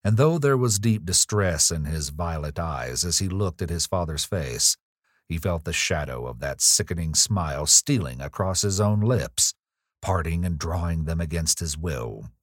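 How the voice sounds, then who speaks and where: Deep-voiced man narrating a ghost story. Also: animated, no room sound, clean studio sound. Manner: measured, grave storytelling. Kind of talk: audiobook reading of a ghost story.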